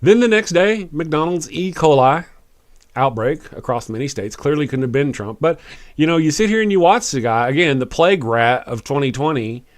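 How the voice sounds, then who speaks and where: A man hosting a live stream, reading chat comments out loud in a wry, chuckling, fast manner. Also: fairly high pitch. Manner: animated, chuckling, wry, quick after lots of coffee. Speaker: live-stream show host.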